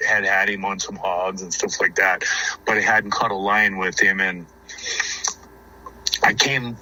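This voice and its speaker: Husky guy from arizona rambling through hunting yarns, real bright edgy tone. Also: low-pitched, flat delivery, a little slow, rough recording. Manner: rambling, repeats words, chuckles often. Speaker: guest, houndsman. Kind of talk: casual storytelling.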